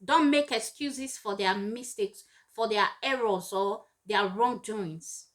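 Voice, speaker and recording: A woman's voice: medium pitch, slow, a bit bright. A woman giving parenting advice straight to camera, earnest and emphatic, repeating her points for weight. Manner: acts out scolding parents in raised voices. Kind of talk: direct-to-camera advice talk.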